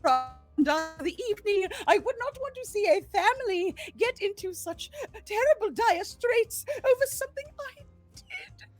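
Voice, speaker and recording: Woman playing a high pleading adventurer, earnest, tearful, very lively pitch, faint music behind. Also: normal speed.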